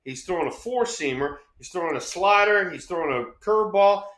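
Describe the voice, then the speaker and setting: A middle-aged man co-hosting a baseball talk show, telling profane, animated stories and acting out quotes. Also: high-pitched, a little fast, reverberant. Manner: animated, swears freely, acts out quotes. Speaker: co-host, former ballplayer.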